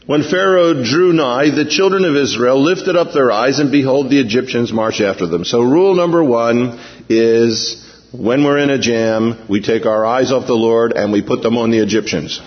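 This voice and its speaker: A man preaching a sermon in a lively storytelling manner, often acting out the panicked cries of the people in the story. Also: medium pitch, moderate pace, big-room sound, dull audio. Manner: animated, acts out frightened voices of the people in the story. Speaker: pastor.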